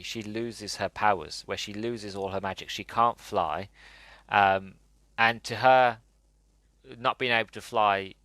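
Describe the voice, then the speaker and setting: Man, podcast host, casual film review, enthusiastic, rambling, lowish voice, dry recording. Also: fairly bright tone, dry recording. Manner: enthusiastic, rambling with fillers and restarts.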